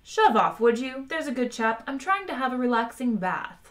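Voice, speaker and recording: Relaxed, gentle male captain, woman reading, light and soft-spoken. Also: a little high, normal speed, pitched above the performer's own voice. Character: mild lazy male captain lounging in a bath.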